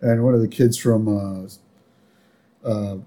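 A man's voice: on the low side, fairly even intonation, slow, dark tone. A man casually narrating a cartoon episode as a podcast co-host, acting out short quotes. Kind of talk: casual episode recap chat.

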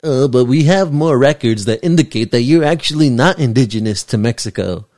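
A man plays a male company representative who delivers news in a flat, businesslike tone. The recording is close and dry, with nothing of the room around him. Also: mid-range voice, fairly quick, dry recording, natural voice. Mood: matter-of-fact.

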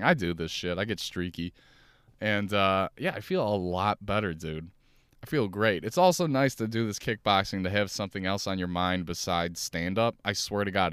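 A young man hosting his own podcast, rambling through profane, animated stories while sitting in his car. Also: fairly low pitch, clear, resonant tone, no room sound, clean studio sound. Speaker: podcast host and stand-up comic. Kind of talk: casual solo podcast monologue. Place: inside a car.

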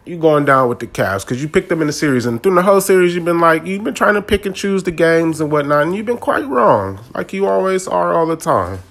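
A man's voice: fairly high pitch, lively intonation, fairly quick, vocal fry, hardly any pauses, a bit bright. A man, ranting casually and animatedly about a sports game in slangy talk. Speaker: sports commentator.

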